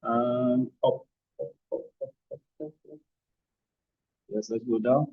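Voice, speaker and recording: A man's voice: mid-range voice, slow pace, soft background music. A man teaching physiotherapy techniques, demonstrating on a partner with short commands mixed with explanations. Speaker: physiotherapy instructor. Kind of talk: hands-on demonstration with verbal cues. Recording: dull, lo-fi sound.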